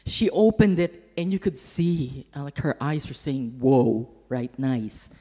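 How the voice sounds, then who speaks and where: A woman's voice: sits low, expressive, a little slow, mellow, husky, long reverb tail. A woman giving a heartfelt church testimony about mission work while showing slides, her storytelling emotional and sincere.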